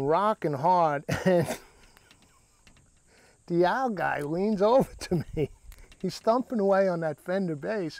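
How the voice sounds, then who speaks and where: Rambling middle-aged storyteller, dry sound. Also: male voice, high voice, a little mellow, no room sound. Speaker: cooking vlog host. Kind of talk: casual storytelling chat.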